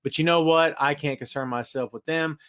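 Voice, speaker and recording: A man's voice: on the high side, steady tone, brisk, fairly bright tone. A man hosting a casual live-stream podcast from his home studio, chatting and greeting viewers by name. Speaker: podcast host.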